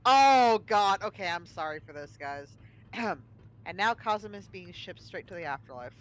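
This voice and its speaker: A woman streamer chatting casually during a group game stream, loud and exclaiming. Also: medium pitch, expressive, unhurried, a little hiss or hum, rough recording.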